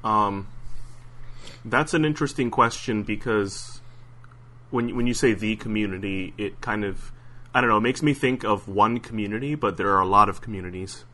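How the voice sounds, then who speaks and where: A man's voice: fairly low pitch, moderate pace, bright, forceful tone. A man answering questions in a casual podcast chat, hesitant, with many fillers and restarts. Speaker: interview guest.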